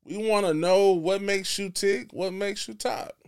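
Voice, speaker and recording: Blunt, gravelly-voiced man sounding off. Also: high voice, fairly even intonation, measured pace. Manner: blunt and profane, with frequent restarts; emphatic and preachy. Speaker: podcast guest. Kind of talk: casual opinionated podcast chat.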